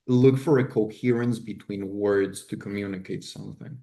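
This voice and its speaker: A man's voice: lowish voice, steady tone, normal speed, gravelly, warm tone. A man co-hosting a podcast, thinking aloud in a casual debate, restarting often and arguing firmly. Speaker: podcast co-host. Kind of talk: casual discussion.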